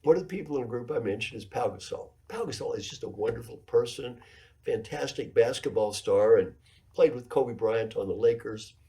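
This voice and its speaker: A man's voice: medium pitch, expressive, a little fast, mellow. A man in his seventies, an executive coach giving a keynote lecture, telling stories and repeating his key points for emphasis. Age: 70s.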